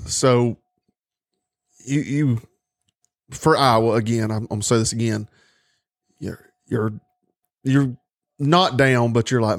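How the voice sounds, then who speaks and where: A man's voice: mid-range voice, fairly even intonation, slow, long pauses. A man chatting casually, often stopping and repeating words. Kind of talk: casual chat.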